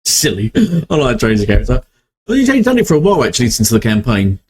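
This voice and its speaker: A man's voice: mid-range voice, huge pitch swings, fast talker, a little mellow, slight background noise. A young man hosting a reaction video, rambling and correcting himself as he thinks aloud. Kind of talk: casual reaction commentary.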